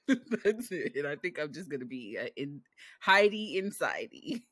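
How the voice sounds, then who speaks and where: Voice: medium pitch, very animated, measured pace, slightly rough, dry recording. Sassy, profane podcast co-host in their 40s. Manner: sassy, profane, loud laughs. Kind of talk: casual chat.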